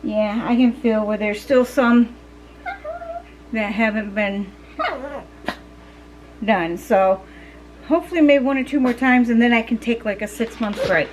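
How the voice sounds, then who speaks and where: A middle-aged woman chatting casually to her viewers in a rather high voice. She rambles, restarts her sentences and leans on fillers as she goes. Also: a little slow, pauses often, slight background noise, poor audio. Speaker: vlogger. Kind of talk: casual chat to camera.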